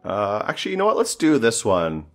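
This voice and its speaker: A man's voice: fairly low pitch, huge pitch swings, fairly quick, fairly bright tone, faint music behind. A man thinking aloud as he plays a strategy game, often exasperated and swearing. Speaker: gameplay commentator. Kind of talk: casual gameplay commentary.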